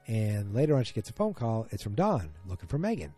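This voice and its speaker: A man's voice: fairly low pitch, very animated, fairly quick, dark tone, no echo, faint music behind. A man hosting a casual solo podcast, retelling events in a rambling, self-correcting way. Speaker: podcast host.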